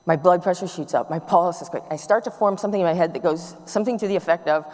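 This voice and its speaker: A middle-aged woman with a fairly low voice speaks quickly and barely pauses as she gives a talk to an audience. She tells stories warmly and with animation, acting out the dialogue. A long hall reverb colors the recording.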